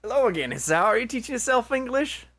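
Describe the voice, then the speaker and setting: A man voicing an older woman with a deliberately bad, exaggerated put-on accent. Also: extremely high pitch, very animated, a bit bright, pitched above the performer's own voice, heavily acted. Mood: hammy. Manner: hammy, exaggerated accent attempt.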